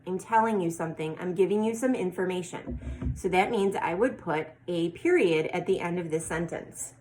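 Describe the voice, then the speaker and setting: A woman teaching a first grade class, reading example sentences slowly and clearly. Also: medium pitch, a little hiss or hum, rough recording. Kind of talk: teaching a lesson to young children.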